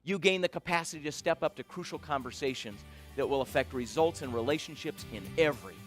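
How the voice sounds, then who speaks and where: A middle-aged man giving a storytelling talk, listing points in rhythm and swinging from soft to loud for drama. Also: fairly high pitch, quick pace, faint music behind. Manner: dramatic, varies loudness, lists in rhythm.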